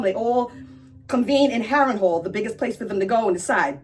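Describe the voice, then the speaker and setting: A woman's voice: a little high, lively intonation, moderate pace, a bit bright, slightly rough. A woman hosting a casual explainer, chatty and irreverent, who swears now and then. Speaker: pop-culture explainer host.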